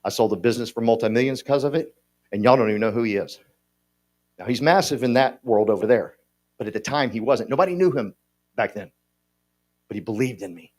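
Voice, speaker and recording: A man in his 50s gives a folksy, joking motivational speech to an audience in a conference hall. His mid-range voice moves briskly, broken up by long pauses.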